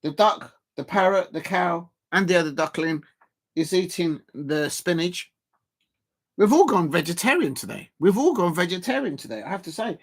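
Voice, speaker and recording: A man streams a football match from home and talks his viewers through it between bites of food. His speech meanders, full of fillers and half-finished restarts, in a voice pitched slightly high for a man. The tone stays loose and unscripted throughout. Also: big pitch swings, normal speed. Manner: rambling, many fillers and restarts; chats to viewers while eating. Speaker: football watch-along streamer. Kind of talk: casual live-stream chat.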